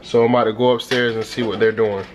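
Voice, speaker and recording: A man's voice: fairly low pitch, flat delivery, quick pace, background noise. A young man recapping his day in a casual home vlog, rambling with lots of ums and restarts. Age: young adult. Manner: rambling, many fillers and restarts. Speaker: vlogger, husband and father. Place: at home indoors. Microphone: handheld camera.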